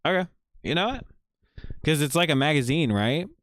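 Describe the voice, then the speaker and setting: A man hosting a casual livestream, chatting in a relaxed, rambling way with many fillers while showing viewers' art. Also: fairly high pitch, moderate pace, no echo. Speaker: livestream host.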